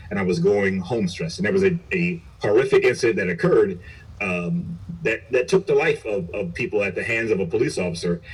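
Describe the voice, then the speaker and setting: Man, middle-aged, husky voice, low pitch, earnest and reflective, recorded from a distance. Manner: earnest, reflective, frequent restarts. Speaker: police chief guest. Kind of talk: candid interview storytelling. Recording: voice picked up from a distance.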